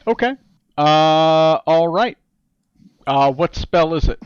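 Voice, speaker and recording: A man narrating as game master, relaxed and full of fillers and repeated words. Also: on the high side, takes it slowly, clean tone, dry recording, dull audio.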